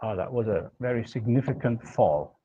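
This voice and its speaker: A man's voice: fairly low pitch, animated, moderate pace, dark tone, breathy edge. Man lecturing, muffled recording. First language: German. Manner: methodical, explaining with worked examples. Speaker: linguistics lecturer. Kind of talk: university lecture.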